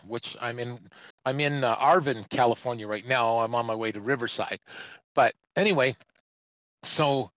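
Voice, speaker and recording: A middle-aged Canadian truck driver tells a story on a trucking talk show, chatty, rambling and animated, acting out other people's voices. His voice is mid-pitched, and the sound is dry, close, lo-fi and free of echo.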